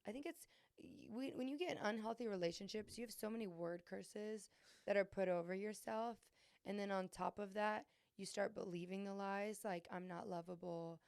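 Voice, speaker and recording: A woman's voice: mid-range voice, normal speed, creaky, a little mellow, no room sound, clean studio sound. A young adult woman hosting a podcast, talking candidly and earnestly about her struggles, with many fillers and restarts. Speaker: podcast host. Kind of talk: candid confessional chat.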